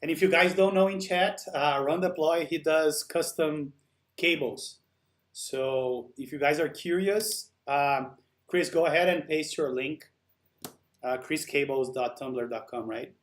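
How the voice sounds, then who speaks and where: Male live-stream host, a bit high-pitched, relaxed chatty delivery, reads and answers chat as he goes. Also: a little slow. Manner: chatty, answers viewer comments while working. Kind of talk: casual chat with live viewers.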